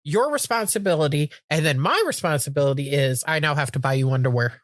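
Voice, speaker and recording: A woman's voice: deep voice, fast talker, no echo, studio quality. A middle-aged woman co-hosting a podcast, telling stories in casual chat, acting out quotes with frequent swearing. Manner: animated storytelling with acted-out quotes, frequent swearing. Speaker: podcast co-host.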